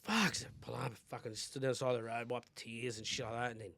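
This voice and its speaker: Foul-mouthed Australian bloke, bright voice. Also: male voice, medium pitch, fairly even intonation, fast talker, creaky, no room sound. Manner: swears constantly, rambling storyteller; drops quiet then bursts louder. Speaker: podcast co-host. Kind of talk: candid casual chat.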